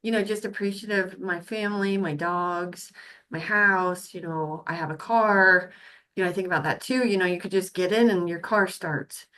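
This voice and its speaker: A woman's voice: fairly low pitch, normal speed, a bit bright. A woman co-hosting a podcast in casual chat, talking freely and laughing often. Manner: chatty, laughs often, trails off. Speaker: podcast co-host.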